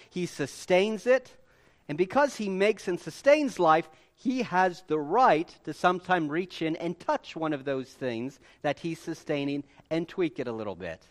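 A man preaching a sermon with animated delivery and emphatic repetition. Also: on the high side. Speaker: pastor.

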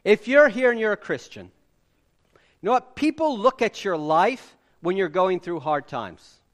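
Animated, high-voiced male preacher. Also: measured pace. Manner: animated, conversational, rhetorical questions. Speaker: pastor. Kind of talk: sermon.

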